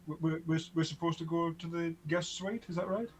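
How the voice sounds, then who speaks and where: Male player in a tabletop game, eager, jokey, somewhat high voice, faint hiss behind. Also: fairly even intonation, fairly quick. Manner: eager, joking questions. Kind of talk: casual tabletop game chat.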